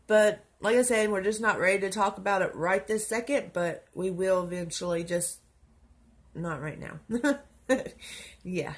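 A young woman, talking to her viewers in a casual vlog, soft-spoken and affectionate, her speech trailing off. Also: mid-range voice, unhurried, slightly rough. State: tearful. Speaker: vlogger.

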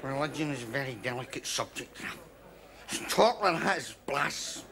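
A gravelly drinking pal. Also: male voice, medium pitch, expressive, moderate pace, a bit bright, a faint crowd. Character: gloomy old drinking pal, pious and gullible.

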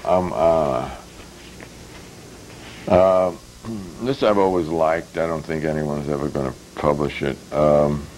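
Wry older New man with a very low voice. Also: a little hiss or hum, poor audio. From United States. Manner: wry, deadpan jokes with many fillers and restarts. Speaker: public access TV host. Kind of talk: casual rambling commentary.

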